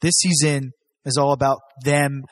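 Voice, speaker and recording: A man chatting casually as a podcast co-host, animated and swearing freely, acting out quoted voices. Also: medium pitch, moderate pace. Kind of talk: casual chat.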